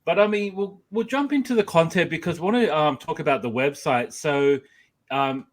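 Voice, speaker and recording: An upbeat man hosts a casual podcast about comics. His voice sits a little higher than most men's, and he keeps the chat energetic. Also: normal speed. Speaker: podcast host.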